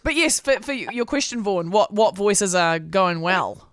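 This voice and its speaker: A woman's voice: medium pitch, expressive, normal speed, no room sound, clean studio sound. Giggly New Zealand woman radio host. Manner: chatty, giggly, candid. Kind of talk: casual radio chat.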